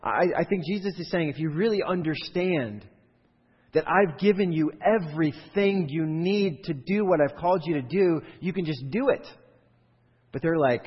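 Husky preaching man in a reverberant hall. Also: normal speed. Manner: animated preaching, acts out voices and rises sharply in pitch and volume. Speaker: pastor. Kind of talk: sermon. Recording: dull lo-fi recording with long hall reverb.

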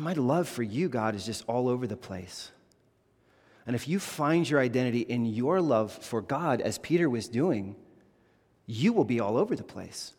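A man in his thirties, a pastor preaching a sermon in an earnest, conversational way, acting out quoted asides. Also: medium pitch. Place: church sanctuary. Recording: reverberant church hall.

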